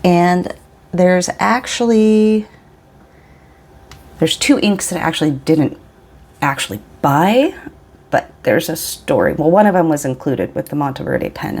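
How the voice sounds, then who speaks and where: With a lowish, darkish voice carrying vocal fry and a breathy edge, a forties-aged vlogger from the US Pacific Northwest speaks at normal speed with lively intonation. She swatches inks while chatting casually, rambling a bit and cutting herself off.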